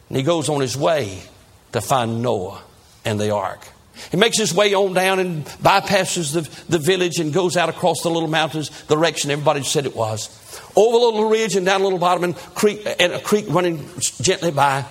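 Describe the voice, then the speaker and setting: A male preacher who tells a sermon story dramatically and acts out its characters. His voice is husky and sits a little higher than most men's. He delivers the story in an animated way. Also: a little fast.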